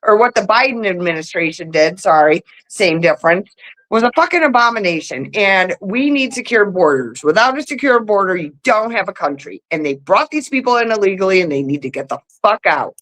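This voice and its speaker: A woman's voice: mid-range voice, expressive, fairly quick, a bit bright, rough recording. A woman guest on a video call, ranting bluntly and profanely in a heated political chat.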